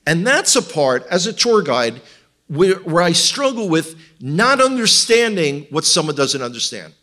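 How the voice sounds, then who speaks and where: A man's voice: a little high, very animated, unhurried, bright, forceful tone. Wry, joking man with an Israeli accent. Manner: joking, wry asides, teases the audience. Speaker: tour guide and guest speaker. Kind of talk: humorous teaching talk with slides. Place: church congregation in front of an audience.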